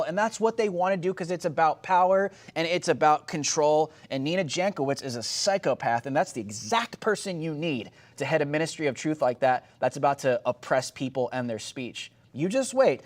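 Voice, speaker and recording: A young man hosting a political commentary show, talking emphatically with sarcastic bursts that rise loud. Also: fairly high pitch.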